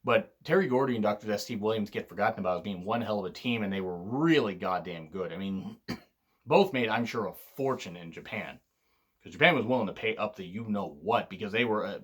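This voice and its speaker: A tired man hosting a casual wrestling countdown, rambling, swearing freely and often clearing his throat. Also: on the low side, expressive, fairly quick. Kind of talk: casual spoken countdown commentary.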